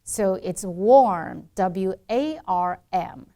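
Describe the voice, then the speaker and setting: A woman accent coach talks through a pronunciation lesson, steady and explanatory. She repeats words both the wrong way and the right way so the contrast is clear. Her voice sits at an ordinary mid pitch. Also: drawn-out words.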